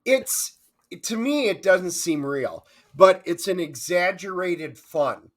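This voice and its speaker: Blunt man with a higher voice. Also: expressive, takes it slowly. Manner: brief interjections and blunt opinions. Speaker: movie review podcast co-host. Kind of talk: casual conversational movie review.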